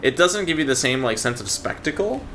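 A man's voice: fairly high pitch, very animated, brisk, noisy background. A man hosting a let's play, chatting casually as he plays, laughing often and swearing now and then. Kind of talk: casual gameplay commentary.

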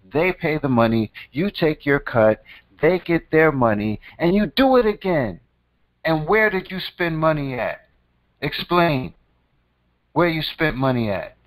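A man's voice: medium pitch, no room sound, low-quality recording. A man hosting his own channel, giving casual advice in a slangy, emphatic, repetitive way and calling the listener "son.". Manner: profane, repetitive and preachy. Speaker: host.

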